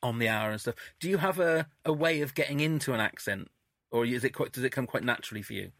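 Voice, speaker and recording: Man, interview host, easygoing, conversational questions, middle pitch, dry close sound. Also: lively intonation, fast, a bit bright, no room sound.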